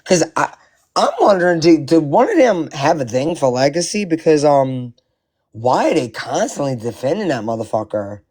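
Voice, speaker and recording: A man giving casual commentary to his viewers, animated and profane, rambling with many restarts. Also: fairly high pitch, moderate pace, husky. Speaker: live-stream commentator.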